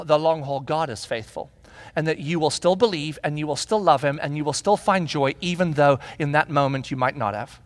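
High-voiced man preaching a sermon. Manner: animated storytelling with rhetorical questions; acts out quoted dialogue. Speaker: pastor.

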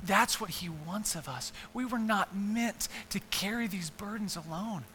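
A man's voice: high-pitched, unhurried, bright, forceful tone, long reverb tail, a little hiss or hum. A man preaching a sermon in a church, earnest and emphatic, often repeating words and building up lists. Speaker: pastor.

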